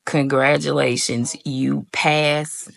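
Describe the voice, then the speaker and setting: A woman's voice: a bass voice, slow pace, gravelly. A young woman, telling her own story to viewers in a casual vlog and acting out what she said back then. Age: young adult. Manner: animated retelling, acts out her own quoted voice; addresses viewers as y'all. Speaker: vlogger.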